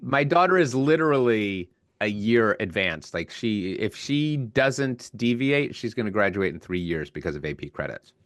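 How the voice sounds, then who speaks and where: A male podcast host with a very low voice speaks in short, easy conversational remarks. The sound is dry and close, with no room echo around him. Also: very animated, moderate pace, few pauses, a bit bright. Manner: brief reactions and conversational asides. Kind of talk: casual podcast interview.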